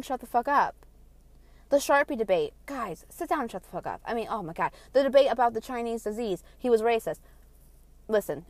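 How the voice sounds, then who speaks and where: A woman delivering a heated, profane vlog rant, blunt and passionate, swinging between loud outbursts and quieter asides. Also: mid-range voice, no room sound. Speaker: vlogger. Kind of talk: ranting monologue.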